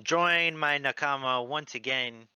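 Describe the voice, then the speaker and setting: A man's voice: medium pitch, measured pace, sharp tone, clear, resonant tone, dry recording. A man, a returning co-host of a fan podcast, talking in an enthusiastic, casual way as he signs off.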